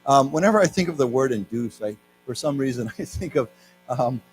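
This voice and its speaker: American guy teaching an english class, goes over words slowly, bits of mandarin, faint hum and music behind. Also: mid-range voice, lively intonation, low-quality recording. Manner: explains words slowly, has the class repeat them. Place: lecture room with audience.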